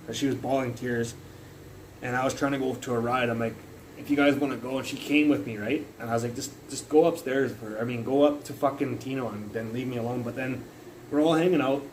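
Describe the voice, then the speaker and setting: A man's voice: medium pitch, darkish tone, slight background noise, poor audio. A young man livestreaming from his phone, telling a long rambling story full of curses, fillers and restarts. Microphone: phone mic.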